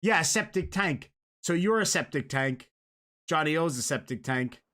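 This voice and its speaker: An Irish man hosting a casual livestream, chatting and reading out donations with quick laughs. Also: a little high, animated, pushed and bright. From Ireland. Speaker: host.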